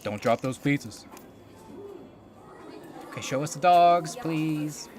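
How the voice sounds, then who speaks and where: A woman's voice: low-pitched, animated, slow pace, darkish tone, slight background noise. A woman streamer reacting casually to a video, gushing and cooing at dogs in baby talk. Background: music.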